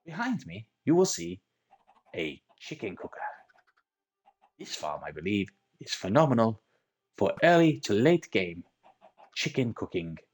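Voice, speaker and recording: A man's voice: fairly low pitch, sing-song, measured pace, long pauses. A man presenting a game tutorial voice-over, explaining the steps one by one in an accent he admits keeps wandering. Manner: methodical step-by-step explaining.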